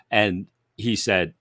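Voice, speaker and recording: A man's voice: on the low side, sharp tone, dry recording, clean studio sound. A man co-hosting a sports talk show, chatty and teasing, often laughing as he talks. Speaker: co-host.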